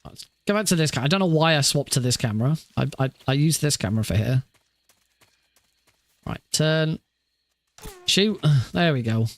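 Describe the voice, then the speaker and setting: A man's voice: fairly high pitch, animated, moderate pace, long pauses, no echo. A man casually commenting on his own speedrun practice, rambling and self-deprecating with lots of fillers and restarts. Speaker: speedrunner streamer.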